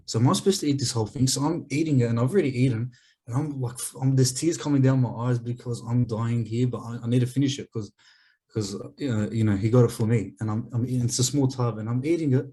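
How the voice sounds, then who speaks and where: A man tells a long, rambling anecdote on a podcast recorded over a video call. His voice is mellow and a little husky. He slips into the voices of the people in his story as he goes. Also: mid-range voice, fast talker. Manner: rambling, laughing storyteller who acts out dialogue. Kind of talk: casual chat, comic anecdote.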